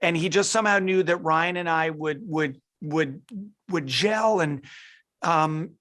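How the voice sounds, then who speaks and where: A man's voice: on the high side, a little slow, a bit bright. Eager middle-aged man, a director interviewed. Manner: eager, restarts and repeats words as he thinks. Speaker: film director. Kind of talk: interview over a video call.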